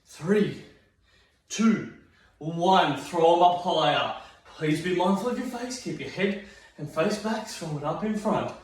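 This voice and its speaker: A man's voice: high-pitched, lively intonation, takes it slowly. An Australian man leading a seated exercise class, upbeat and encouraging, counting reps aloud and getting out of breath. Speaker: fitness instructor. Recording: very echoey room, mic far off.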